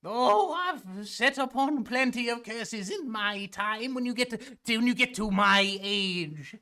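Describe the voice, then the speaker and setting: A woman voicing a chatty elderly female mud-seller in a tabletop game, with a high, sugary, coaxing voice. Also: animated, takes it slowly, bright, forceful tone, heavily acted.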